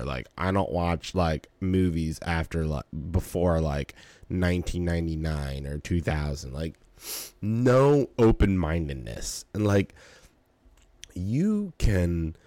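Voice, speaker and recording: A young adult man hosts his podcast in a deep, darkish voice, with no room sound. It's a casual early-morning monologue: he's tired and yawning, rambling with fillers and swearing.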